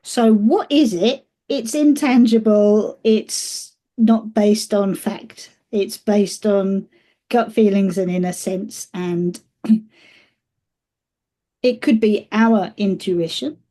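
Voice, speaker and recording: Mellow-voiced woman co-host. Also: medium pitch, steady tone, extremely slow. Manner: teasing, steers the discussion. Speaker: podcast co-host. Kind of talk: casual chat.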